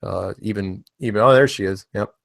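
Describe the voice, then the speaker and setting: Rambling, joking, and self-deprecating, this man from the United States hosts an online panel discussion in a relaxed manner. He speaks a little fast in a lowish, gravelly voice, and the recording is dry.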